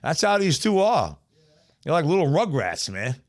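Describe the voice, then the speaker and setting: A man's voice: on the high side, big pitch swings, normal speed. A middle-aged man with a New York accent, telling streetwise stories in a casual, profane podcast chat. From South Bronx, New York. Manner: streetwise, profane, repeats "you know what I'm saying". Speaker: podcast guest storyteller.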